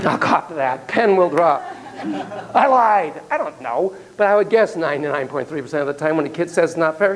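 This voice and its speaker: A man's voice: high-pitched, rough recording. A man lecturing a class on child psychology, his voice bouncing through a wide melodic range. He talks casually and cracks jokes, breaking into little acted-out examples as he goes. A faint hiss sits behind him. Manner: animated, jokey, acts out examples.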